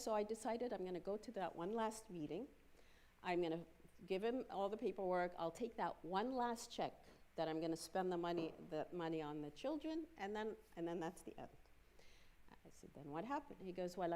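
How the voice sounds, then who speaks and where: A woman speaking at a church women's day, telling stories in a lively way and acting out the voices of the people she quotes. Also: medium pitch. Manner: lively storyteller who acts out quoted voices. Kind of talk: storytelling talk.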